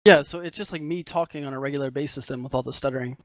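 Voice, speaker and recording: Male co-host, rapid joking chat, dry close lo-fi mic. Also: mid-range voice, dry recording. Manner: quick, joking, swears freely. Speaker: podcast co-host. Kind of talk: casual chat.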